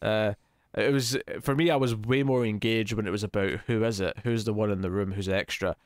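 A man co-hosting a podcast, chatting in an animated, jokey, rambling way about a TV episode. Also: lowish voice, a little fast, dry recording, studio quality. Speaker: podcast co-host. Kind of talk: casual chat reviewing a TV episode.

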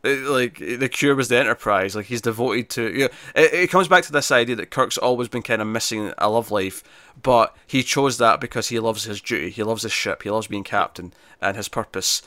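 एक आदमी जीवंत और बिखरे अंदाज़ में अनौपचारिक बातचीत कर रहा है, उसकी आवाज़ तेज़ और चमकदार है, और रिकॉर्डिंग बिल्कुल सूखी, बिना गूंज की है।. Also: male voice, lowish voice, no echo. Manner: animated, rambling, drops into quick impressions. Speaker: podcast co-host. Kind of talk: casual chat reviewing a TV episode.

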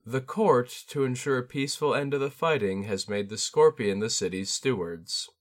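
Polite young court lady with formal speech, a man doing her, pitched higher than his own voice, storybook reading. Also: normal speed, lightly acted. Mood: courtly. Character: gracious young noblewoman courtier, polite and careful.

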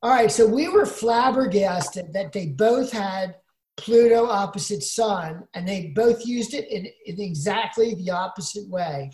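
A woman's voice: medium pitch, lively intonation, measured pace, a little mellow, reverberant. A woman co-hosting a casual podcast chat, explaining things at length in a rambling way. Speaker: podcast co-host.

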